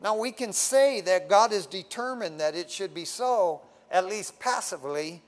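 High-voiced man preaching a folksy sermon. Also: animated, moderate pace. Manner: folksy and frank, often tags lines with "man". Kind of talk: casual sermon. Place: standing before a congregation.

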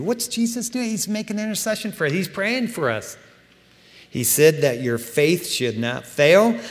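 A man preaching a sermon as pastor, animated and emphatic, with casual asides to his congregation. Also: sits high, unhurried. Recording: long hall reverb.

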